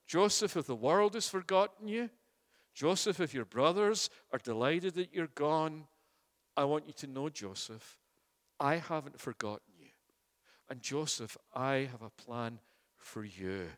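A male preacher voicing God as he reassures a believer gently and slowly. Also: on the high side, lively intonation, in a large hall. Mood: tender reassurance.

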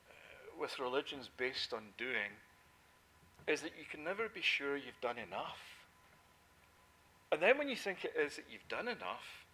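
Male preacher, bright ringing tone, emphatic sermon delivery, loud to hushed. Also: mid-range voice, slight background noise. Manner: emphatic preaching, swinging from loud declarations to soft intimate asides.

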